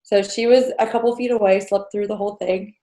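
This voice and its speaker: Brisk and warm, her mid-range voice stays fairly even in intonation as this thirtysomething from New Jersey chats through a personal story on a podcast. Fillers and small laughs come often, and the room is echoey.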